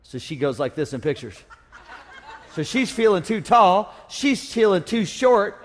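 In a church sanctuary with long reverberation, a man with a high-pitched, very animated voice preaches a sermon a little slowly. As pastor he jokes around and gets his congregation calling back to him.

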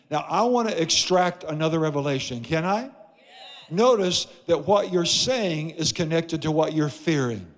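In a church sanctuary, a man preaches as pastor with emphatic, repetitive cadence, leaning on repeated phrases. His voice is on the high side and animated at normal speed, trailed by long reverb.

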